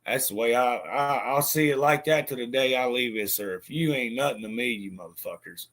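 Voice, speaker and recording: A man's voice: mid-range voice, normal speed, a bit bright. A man telling a personal story in a bitter, profane way, with lots of stammered restarts. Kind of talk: casual spoken monologue.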